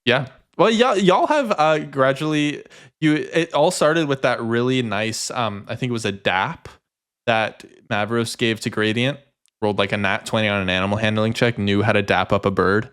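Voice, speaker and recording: A man's voice: medium pitch, normal speed, fairly bright tone, clean tone. A man running a tabletop game as dungeon master, wrapping up the session in casual chat and teasing his players with frequent laughter.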